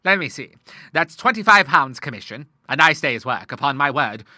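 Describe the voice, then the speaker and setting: A bluff old naval admiral, hearty and courteous, peppering his talk with sea phrases, as a male audiobook reader plays him. His voice is bright and lively, a touch higher than plain speech. It is recorded close and dry. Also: moderate pace, no room sound, full character voice. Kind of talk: audiobook character voice.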